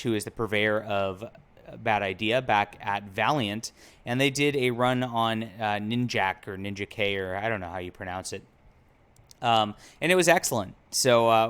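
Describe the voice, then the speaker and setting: An upbeat man talks through new releases in a loose, chatty way, stumbling over names and correcting himself as he goes. His voice is smooth and clear, sitting at an ordinary male pitch. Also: a bit bright. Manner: chatty and upbeat, with frequent fillers and self-corrections. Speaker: comics commentary host. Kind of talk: casual commentary.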